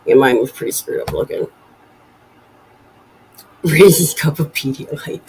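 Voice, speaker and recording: A woman's voice: sits low, slow, darkish tone, slight background noise, rough recording. A woman in her forties hosting a casual live stream from home, rambling and chatty as she reads viewer comments aloud. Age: 40s. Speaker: livestream host.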